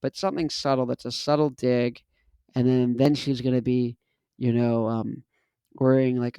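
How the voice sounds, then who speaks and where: A man's voice: medium pitch, normal speed, warm tone, clear, resonant tone, dry recording. A man in his twenties, hosting a casual monologue, talking in an emphatic, repetitive, punchy way. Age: 20s. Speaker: host.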